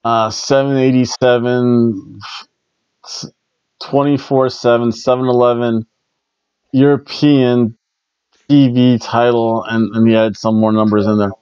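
A man's voice: medium pitch, flat delivery, unhurried, long pauses, darkish tone, clear, resonant tone, no room sound, dull audio. A man hosting a casual solo wrestling review, chatty and rambling, often stumbling and restarting his words. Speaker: wrestling show reviewer, host.

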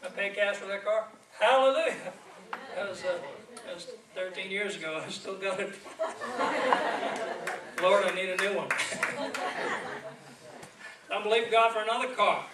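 The recording is very noisy, captured from a distance in an echoey church sanctuary. There, a high-pitched man preaches as an evangelist at a moderate pace, pausing often, lively and laughing as he tells stories through his sermon.

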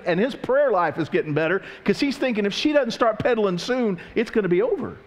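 Animated preacher man telling a story. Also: high voice, fairly quick, hardly any pauses. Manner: animated storytelling, questioning the congregation. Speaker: pastor. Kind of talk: sermon.

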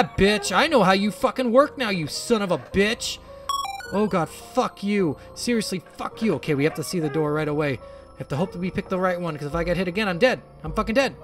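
A man playing a horror game and commenting out loud, frantic and full of swearing as he talks to himself. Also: high-pitched, expressive, normal speed, faint music behind. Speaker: gamer.

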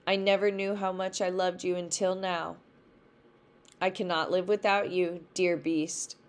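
Give me a kind, brave young heroine from a storybook, voiced slowly by a woman. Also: fairly low pitch, flat delivery, close to an everyday voice. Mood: earnest.

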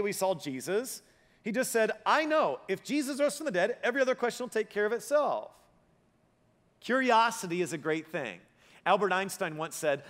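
A man's voice: high-pitched, a bit bright. A male pastor giving a sermon, conversational and joking with his audience. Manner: humorous, conversational preaching with audience asides. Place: church auditorium. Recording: long reverb of a church hall.

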